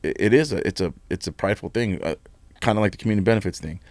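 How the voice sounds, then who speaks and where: Middle-aged man from nevada, lowish voice, blunt and animated, dry close sound. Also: racing, dry recording. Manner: candid and animated, blunt words, repeats himself. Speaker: union leader, podcast guest. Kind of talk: casual interview chat.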